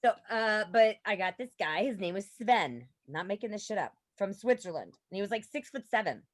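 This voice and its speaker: A woman guest on a podcast, telling a story in a casual, animated way and laughing often. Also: medium pitch, a little fast, no echo.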